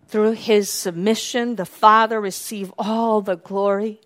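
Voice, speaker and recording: A woman preaching a sermon, swinging from hushed near-whispers to fervent, raised passages. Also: mid-range voice, fairly even intonation, unhurried, few pauses.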